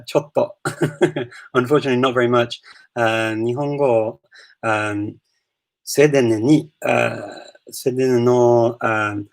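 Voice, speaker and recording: A man from Liverpool with a Scouse accent hosts a live Q&A in a relaxed, rambling way. His voice has a gravelly, fry-edged texture at a mid pitch. He laughs easily and hesitates as he thinks. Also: low-quality recording. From Liverpool, England. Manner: chatty, laughs often, many ums and restarts. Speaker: host of a live Q&A. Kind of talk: casual live Q&A chat.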